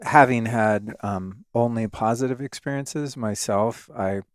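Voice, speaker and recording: A man's voice: mid-range voice, a little slow, no room sound, studio quality. A man hosting a podcast interview, asking thoughtful, hedging questions in a casual chat and laughing easily. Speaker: podcast host.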